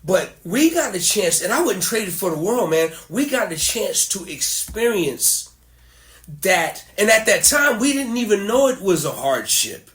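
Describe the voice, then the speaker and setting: A middle-aged man chats casually as a podcast host, his voice bright and high for a man. He tells animated stories and laughs often. The recording has a roomy echo. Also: unhurried. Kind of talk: casual conversation.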